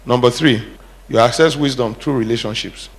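Middle-aged guy preaching, gravelly voice, keeps asking the church questions and hammering lines over and over. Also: medium pitch, normal speed. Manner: call-and-response preaching, rising to emphatic repetition. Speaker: pastor. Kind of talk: sermon.

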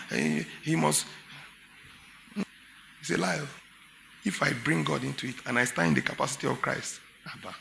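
A man's voice: on the high side, vocal fry, pushed and bright, a little hiss or hum. A Nigerian man preaching a sermon as pastor, emphatic and full of rhetorical questions to his congregation.

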